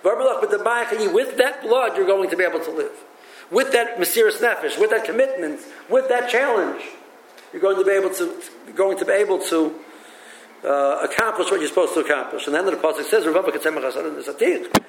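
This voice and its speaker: Rabbi guy teaching a class, high voice, halting, echoey room with faint hum. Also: expressive. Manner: halting and repetitive, thinks aloud. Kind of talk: teaching a religious text, with stories.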